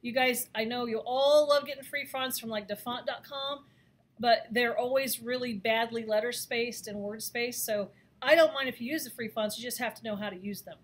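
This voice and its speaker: A woman teaching a design software lesson, talking through each step in a chatty way with frequent fillers. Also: fairly high pitch, moderate pace. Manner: chatty, thinks aloud with fillers. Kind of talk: screen-recorded software lesson.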